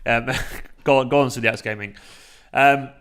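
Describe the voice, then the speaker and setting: Casting: young man, livestream host, animated, loose, swears freely, mid-pitched. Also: moderate pace, clear, resonant tone. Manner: animated, chatty, swearing, frequent fillers and restarts. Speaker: fan channel host reading live chat. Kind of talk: casual livestream chat.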